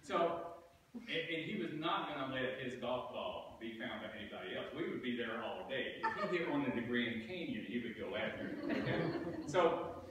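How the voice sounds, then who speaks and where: A man's voice: medium pitch, big pitch swings, normal speed, noisy background. A man giving a eulogy, telling a folksy golf story with chuckles. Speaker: eulogy speaker. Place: church sanctuary. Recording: echoey room from a distant mic.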